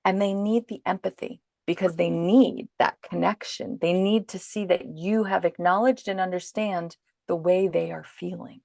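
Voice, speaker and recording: A woman guest on a podcast, calmly and patiently explaining parenting advice in an instructive way. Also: lowish voice, moderate pace, creaky, dry recording, clean studio sound.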